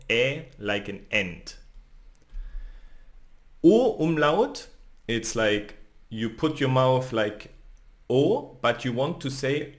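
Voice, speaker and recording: A male language teacher gives a slow explanatory lesson in a mid-range voice with lively intonation. He often ends phrases with a questioning "no?" or "okay?" and sounds out letters and sounds one at a time.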